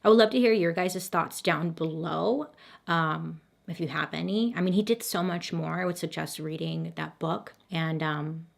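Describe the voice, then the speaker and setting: A woman telling a true crime story to camera in a casual, chatty way, with dry sarcastic asides and a voice going hoarse. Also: low voice, normal speed. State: hoarse, losing her voice.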